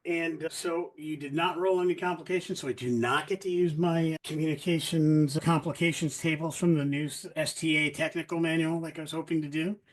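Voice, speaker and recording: A man narrating as game master of a tabletop game, relaxed and explanatory. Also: fairly high pitch, brisk, hardly any pauses, rough recording.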